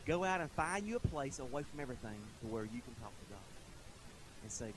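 A middle-aged man preaching a casual sermon in a church, folksy and conversational, chuckling often and rising to loud emphatic bursts. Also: mid-range voice, lively intonation, quick pace, noisy background. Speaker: pastor. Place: church sanctuary.

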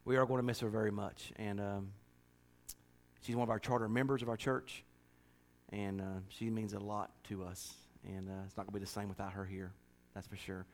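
A man's voice: fairly low pitch, level tone, moderate pace. A man preaching and making church announcements in a folksy, joking, chatty way. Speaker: pastor.

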